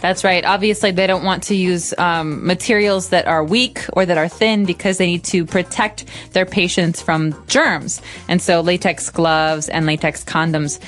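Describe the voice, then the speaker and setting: A woman's voice: fairly low pitch, fairly even intonation, normal speed, few pauses, faint music behind. A woman co-hosting a lesson podcast, explaining words with example sentences. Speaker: podcast co-host. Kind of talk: English lesson chat.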